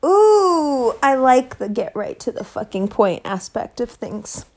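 Here a woman hosts a podcast, her voice on the high side and very animated, though she takes it slowly. The monologue is casual and rambling, full of loose asides, blunt emphasis and heavy swearing.

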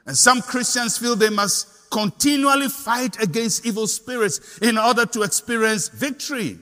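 An older Ghanaian man preaching a sermon as pastor, impassioned and rising to shouts on repeated declarations. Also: very high voice, animated, normal speed, long reverb tail.

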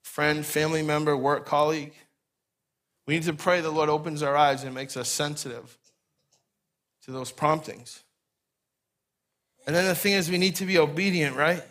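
Male preacher, high bright voice, animated sermon storytelling. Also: moderate pace, pauses often. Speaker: pastor.

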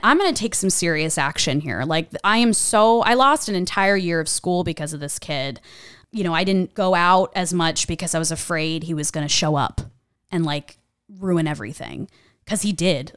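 A young adult woman telling a personal story in a casual, animated way. She talks chattily, swears freely and says "like" a lot. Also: on the low side, normal speed, smooth, dry recording, studio quality.

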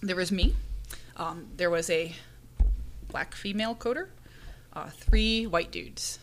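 Lively woman telling a story. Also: on the low side, slow, a little hiss or hum. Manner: animated storyteller, acts out quoted lines, laughs often. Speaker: podcast panelist and conference speaker. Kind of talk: casual chat, storytelling.

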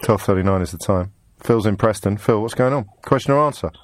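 A man from England hosting a radio phone-in, quick and teasing as he chats with callers. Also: on the low side, slight background noise. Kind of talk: casual radio phone-in banter.

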